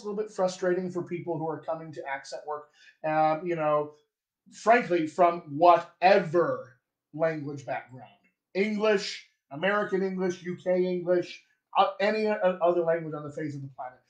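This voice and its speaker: A man coaching dialects in a live-streamed lesson, playful and chatty with a fairly high voice. He talks to viewers with easy humor. The sound is roomy and echoey. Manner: playful, chatty, laughs at himself. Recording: echoey room.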